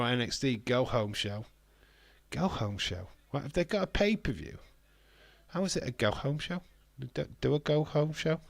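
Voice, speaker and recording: A man hosting a live wrestling watch-along, chatty and excitable, swearing casually. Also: medium pitch, vocal fry, no echo. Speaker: livestream host.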